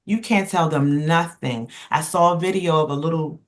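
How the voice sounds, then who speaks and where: A woman speaking on a casual podcast roundtable, emphatic and animated, circling back and restarting as she tells stories. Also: deep voice, moderate pace. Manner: emphatic, animated storyteller who rambles and restarts. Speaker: roundtable panelist.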